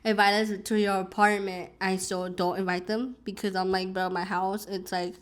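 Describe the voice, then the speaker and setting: A woman's voice: medium pitch, flat delivery, normal speed. Rambling young woman telling a story. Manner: rambling, many "like"s and restarts. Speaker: vlogger. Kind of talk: casual storytelling while eating.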